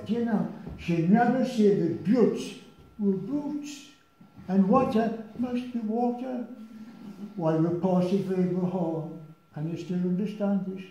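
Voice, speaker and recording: A man's voice: high-pitched, warm tone. An old man doing a wry young Geordie soldier. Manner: broad dialect delivery, raised and sing-song. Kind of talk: reciting a comic dialect poem. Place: village hall. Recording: echoey hall, dull lo-fi sound.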